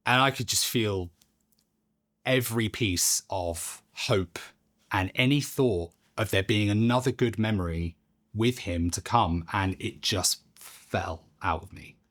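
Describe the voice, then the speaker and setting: Low-voiced man, halting and emotional. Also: fairly bright tone. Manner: halting, emotional, slow with pauses. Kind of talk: personal storytelling to camera. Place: studio.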